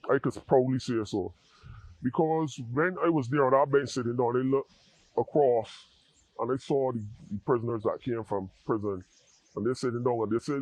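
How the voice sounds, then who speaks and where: A man speaks in a dry, close voice with an earnest, halting delivery. He often restarts and repeats words as he works through a personal testimony. His pitch sits in an ordinary middle range for a man. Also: expressive, a little mellow, dry recording, muffled recording. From Barbados. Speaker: interview guest in addiction recovery.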